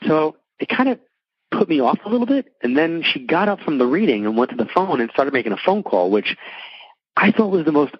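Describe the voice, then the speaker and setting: A man's voice: a little high, very animated, fairly quick, breathy edge, no room sound, dull audio. Chatty middle-aged man. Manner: chatty, many likes and restarts, acts out quoted voices. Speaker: psychic medium guest. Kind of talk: casual storytelling interview.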